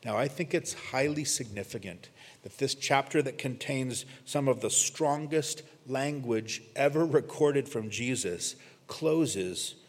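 A man's voice: animated, measured pace, hardly any pauses. Male pastor, mid-range voice, earnest expository sermon, long church reverb. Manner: earnest expository preaching, rising for emphasis, dropping low for scripture quotes.

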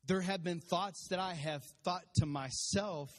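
Guy pastor preaching, high-ish voice, long reverb in the church hall, emphatic and repetitive. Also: measured pace. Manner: emphatic preaching with laughter and repeated refrains. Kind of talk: sermon. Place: church sanctuary with congregation.

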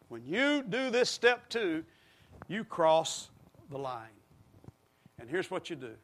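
A man's voice: fairly high pitch, fairly bright tone. A middle-aged man preaching a sermon, leading the congregation in call-and-response. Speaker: pastor.

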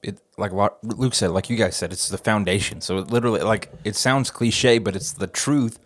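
A man's voice: lowish voice, a little fast. A man hosting a casual church podcast from an office studio, chatty and rambling and ready to laugh at himself. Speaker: podcast host.

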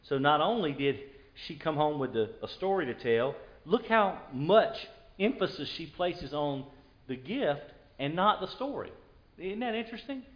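A man's voice: fairly high pitch, big pitch swings, moderate pace, muffled recording. A male pastor preaching a conversational sermon and retelling scripture in an everyday voice.

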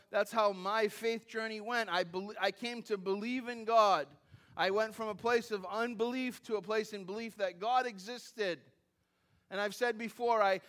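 A man's voice: high-pitched, a bit bright. A man preaching a sermon in a conversational way, with asides and self-deprecating humor, often repeating phrases and restarting as he builds his points. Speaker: pastor.

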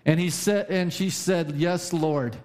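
A male pastor preaching a sermon, repeating key lines with sudden rises and drops in pitch. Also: fairly even intonation, takes it slowly, a little mellow. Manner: preaching with emphatic repetition and sudden pitch swings.

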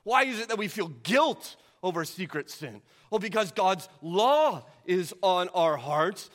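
High-voiced pastor preaching in a reverberant hall. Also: male voice, fairly bright tone. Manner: conversational preaching with rhetorical questions and restarts. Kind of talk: sermon.

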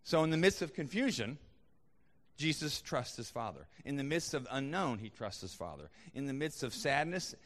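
A man's voice: medium pitch, very animated, moderate pace, big-room sound. A man preaching a sermon as a pastor, conversational, with frequent restarts and fillers.

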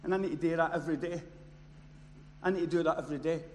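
A man preaching a sermon. He moves from quiet storytelling to loud, impassioned shouting. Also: fairly high pitch, steady tone, fast. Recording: long hall reverb, faint noise.

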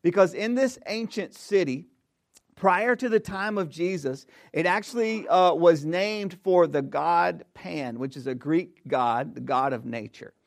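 A man's voice: a little high, measured pace, creaky. A man preaching a sermon as pastor, emphatic and conversational, building phrases through repetition and repeating words as he restarts.

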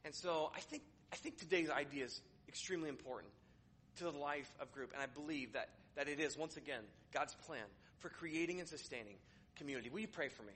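A man's voice: a little high, a little fast, fairly bright tone, a little hiss or hum. A man preaching a sermon in church, talking in a conversational way with dry sarcastic humor and many restarts. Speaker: pastor.

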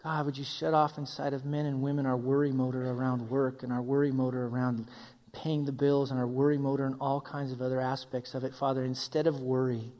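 A man's voice: mid-range voice, little pitch movement, fairly quick, darkish tone. A man preaching a sermon as pastor, voicing his listeners' questions and closing in prayer. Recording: long reverb of a hall.

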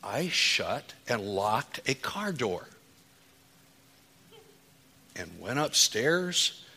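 Male preacher, bright forceful voice, long hall reverb, testimony sermon that rises in fervor. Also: medium pitch, sing-song, drawn-out words, slightly rough. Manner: testimony building to impassioned, rising preaching.

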